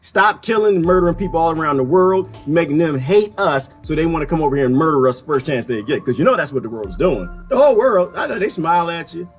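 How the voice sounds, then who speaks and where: A man delivers a sarcastic political rant on his own, his voice sitting a little high and bouncing all over the place. He keeps breaking into shrill, mocking impressions to make his point. Faint music plays quietly behind him. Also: sing-song, fast talker, few pauses. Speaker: political commentator. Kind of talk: ranting solo commentary.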